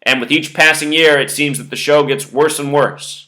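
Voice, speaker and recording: Bright-voiced man lecturing to camera. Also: on the high side, steady tone, moderate pace. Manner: lecturing, spelling out numbers step by step. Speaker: video host. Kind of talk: monologue commentary to camera.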